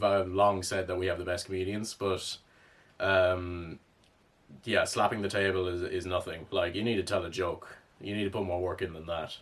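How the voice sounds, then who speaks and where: Cork irish guy ranting casually, swears a lot, low steady voice, bit distant from the mic. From Ireland. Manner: rambling, wry, swears freely. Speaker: commentator. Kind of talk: casual commentary.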